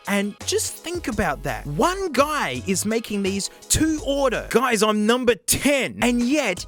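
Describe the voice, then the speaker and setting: A high-pitched Australian man chats his way through a gadget review, cracking jokes and throwing in plenty of slang. Faint music plays softly behind him. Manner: jokey, animated, full of Aussie slang. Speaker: YouTube host reviewing gadgets. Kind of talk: casual review chat.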